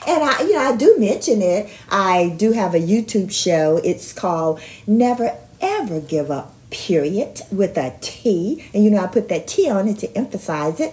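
A woman's voice: medium pitch, a little mellow. A middle-aged woman hosting a motivational podcast, talking in an encouraging way, repeating herself and laughing often. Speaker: podcast host.

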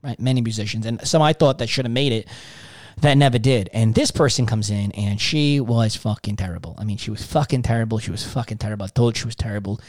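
A man telling a story in casual chat, swearing often and animated. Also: fairly low pitch, fast, no echo, clean studio sound. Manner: profane, animated storytelling with frequent cursing. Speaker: podcast guest telling a story.

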